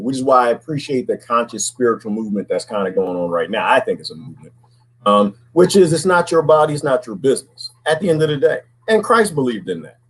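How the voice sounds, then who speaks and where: A man's voice: mid-range voice, breathy edge, low-quality recording. A man talking alone in a casual, preachy monologue, often asking "right?" and repeating words. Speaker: commentary host.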